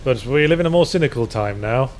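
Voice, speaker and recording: A man chatting casually while playing a video game, telling jokes in a rambling, halting way full of restarts. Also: medium pitch, animated, a little hiss or hum. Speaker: co-host. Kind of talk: casual let's-play chat.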